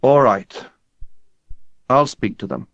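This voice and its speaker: Brief: gentle, serene boy, read by a man, soft and measured. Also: medium pitch, no room sound, dull audio. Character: calm, serene boy who speaks like a prophet.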